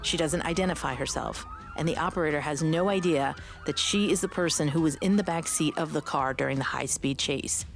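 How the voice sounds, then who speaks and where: Low-voiced woman narrating true crime. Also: brisk, creaky, music in the background. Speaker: podcast co-host.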